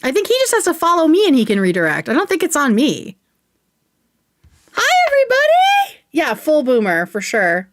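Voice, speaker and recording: A young woman hosting a livestream, chatting casually and excitedly while reviewing makeup, swearing now and then. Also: high-pitched, fairly quick, hardly any pauses. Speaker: livestream host.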